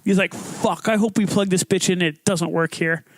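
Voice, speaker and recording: A young man hosting a podcast, telling a story in a casual, profane, animated way, acting out quotes. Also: high-pitched, moderate pace, dry recording. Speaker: podcast host.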